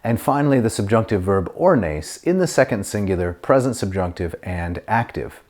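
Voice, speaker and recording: A middle-aged man teaching Latin grammar, explaining step by step and reading Latin phrases slowly and clearly. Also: lowish voice, animated, a little mellow. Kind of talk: grammar lesson to camera.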